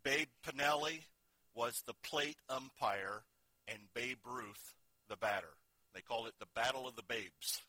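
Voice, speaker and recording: A man preaching a sermon, telling stories earnestly and moving between soft and loud delivery. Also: medium pitch, no room sound, low-quality recording.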